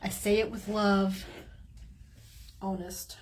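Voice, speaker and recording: A woman's voice: medium pitch, little pitch movement, slow. A woman with a Southern US accent chatting casually on a livestream, teasing and drawling as she tosses out folksy sayings. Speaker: livestream host.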